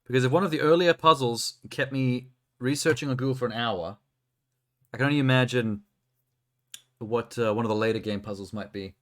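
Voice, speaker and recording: A medium-pitched, fairly bright male voice moves at a brisk clip. He's casually narrating his own live-streamed gameplay, chatty, foul-mouthed, and often talking to himself.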